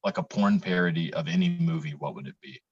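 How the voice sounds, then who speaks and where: A man's voice: low-pitched, wildly swooping pitch, fast talker, lo-fi sound. A man hosting a casual chat, hesitant and full of fillers as he asks questions. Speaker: host.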